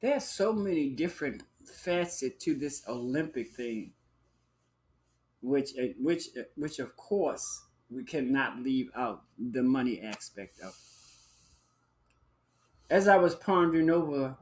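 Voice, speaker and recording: A man hosting a live-stream talk show, chatting in a sassy, flamboyant way, calling listeners honey and child and breaking into high whoops. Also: animated, slow pace. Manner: bursts into high whooping exclamations. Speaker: livestream show host. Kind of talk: casual live-stream chat.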